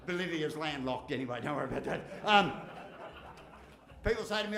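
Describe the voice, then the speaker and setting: Australian male motivational speaker, slightly high voice, blunt and jokey, echoey hall sound. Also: a little fast. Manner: blunt, jokey, lively delivery with mild swearing. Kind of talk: humorous keynote speech.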